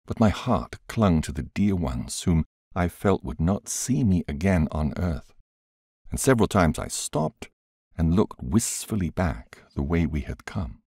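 Very deep-voiced man reading an audiobook. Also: a little mellow, slightly rough, no room sound, studio quality. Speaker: audiobook reader. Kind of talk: scripted audiobook narration.

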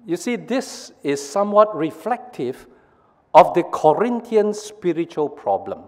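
A male pastor, praying and preaching in a slow, measured, storytelling delivery with a fairly high, lively voice. It rings with the long reverb of a worship hall. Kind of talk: sermon with prayer.

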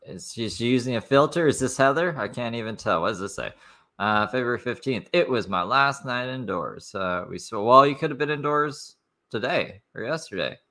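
A man's voice: medium pitch, expressive, brisk, pushed and bright. A man giving sarcastic, incredulous commentary on a live stream.

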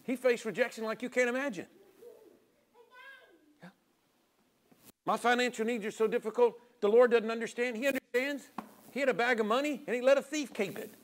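A middle-aged male pastor preaching a sermon in a fairly high voice. He urges loudly, then drops into quiet, almost whispered lines. He acts out little dialogues with God and people as he goes. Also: steady tone, brisk, long pauses, a little hiss or hum. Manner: swings from loud urging to quiet near-whispers.

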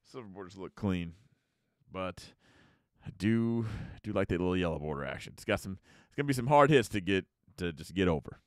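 A man's voice: low voice, animated, brisk, no room sound, clean studio sound. An American man hosting a casual card-opening video, chatting and muttering card names as he opens packs. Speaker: YouTube card-opening host. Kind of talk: casual pack-opening commentary.

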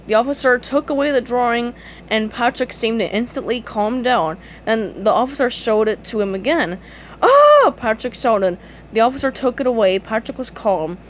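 A woman's voice: on the high side, slight background noise. Woman reading a children's story aloud. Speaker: storybook reader.

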